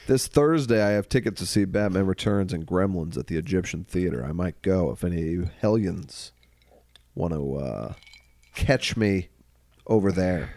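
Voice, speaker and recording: A man co-hosting a podcast, chatting loosely about movies with quick jokes, bursts of mock singing and frequent laughter. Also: deep voice, darkish tone, no echo. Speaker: podcast co-host. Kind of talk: casual comedic movie chat.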